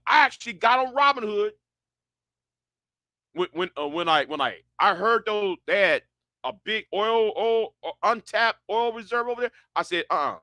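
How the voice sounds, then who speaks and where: A man's voice: sits high, bright, forceful tone, dry recording, studio quality. A man chatting casually and rambling, often stumbling and restarting his words, with a broad sound. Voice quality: stammering, many restarts. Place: Houston, Texas.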